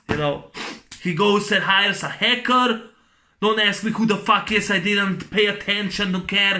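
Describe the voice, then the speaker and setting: A man's voice: sits high, bright, forceful tone. A man with giving a profane, rambling movie rant, full of fillers and restarts. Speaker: movie reviewer.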